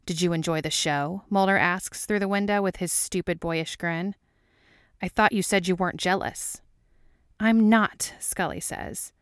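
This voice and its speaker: A woman reading a fan fiction story aloud with wry, even storytelling. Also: fairly low pitch, clear, resonant tone, no echo, studio quality. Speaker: audiobook reader.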